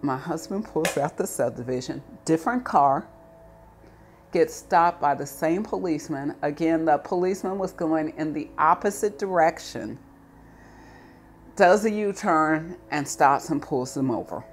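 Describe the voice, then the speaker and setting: Middle-aged woman, low pitch, interviewee storytelling, gets heated; faint hiss under her. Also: a little slow. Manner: animated, rising to anger when recalling. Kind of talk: personal storytelling.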